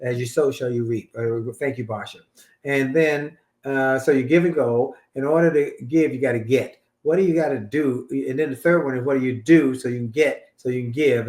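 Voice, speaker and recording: A man's voice: medium pitch, darkish tone, roomy sound. A middle-aged man co-hosting a marriage talk show, speaking with enthusiastic, preacher-like emphasis. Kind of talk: casual radio-style chat.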